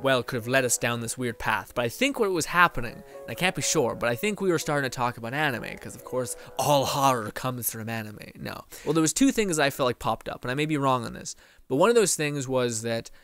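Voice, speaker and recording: A man's voice: medium pitch, animated, brisk, a bit bright. A man and streamer in a casual monologue, rambling and swearing as he gets heated, often mimicking other people's lines. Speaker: streamer talking to viewers. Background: faint background music.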